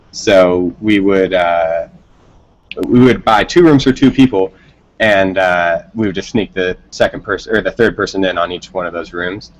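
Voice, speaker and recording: A man's voice: deep voice, poor audio. Man laughing through a rambling story. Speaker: band member guest. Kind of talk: casual interview storytelling.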